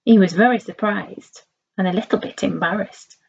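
A woman reading a children's story aloud in a slow, expressive way, on a slightly dull lo-fi recording. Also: medium pitch, creaky, breathy edge.

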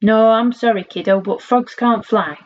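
A woman's voice: fairly high pitch, normal speed, lightly acted. A woman doing a patient father frog. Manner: calm and patiently explaining. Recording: slightly dull lo-fi recording.

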